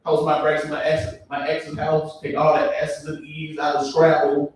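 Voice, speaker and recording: A young man performing a stand-up comedy set, chatty and relaxed, with ums and asides to the audience. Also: a little high, normal speed. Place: live comedy show in a venue. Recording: distant, very echoey room mic with faint noise.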